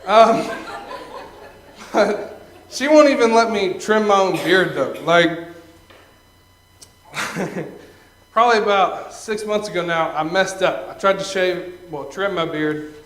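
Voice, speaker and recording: High-voiced young man doing stand-up. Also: lively intonation, takes it slowly, pauses often, a bit bright. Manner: storytelling with frequent "okay?" tags and laughing at own jokes. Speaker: stand-up comedian. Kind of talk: stand-up comedy set. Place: stage at a live venue. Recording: echoey live room.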